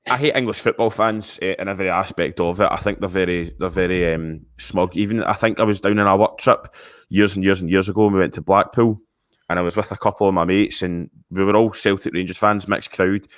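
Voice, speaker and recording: A Glaswegian man joins a podcast chat as a guest. His voice sits very low, and the recording sounds close and dry. He speaks bluntly and hesitates often with ums. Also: steady tone, fairly quick, dry recording.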